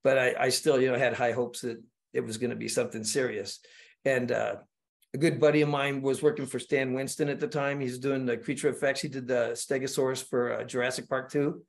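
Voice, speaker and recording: A man, a guest screenwriter, telling stories in casual podcast talk, animated and full of repeated words and acted-out quotes. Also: mid-range voice, fairly quick, gravelly.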